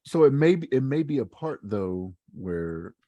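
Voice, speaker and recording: A man co-hosting a podcast, chatting in a relaxed, easygoing way and often repeating words as he starts sentences. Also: medium pitch, unhurried, no room sound, dull audio. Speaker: podcast co-host. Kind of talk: casual chat.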